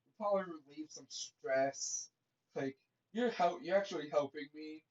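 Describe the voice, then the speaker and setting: Man voicing a cocky teenage boy ninja, blunt and carefree, higher voice, muffled lo-fi sound. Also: normal speed, a little mellow, lightly acted. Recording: dull lo-fi recording.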